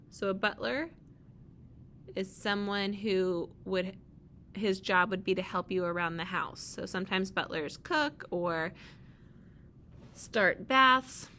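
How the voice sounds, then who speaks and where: A young woman teacher reads a children's picture book aloud in a gentle voice. She speaks at a slow, deliberate pace and keeps stopping to ask her students questions. Faint noise sits quietly under the recording. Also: on the low side.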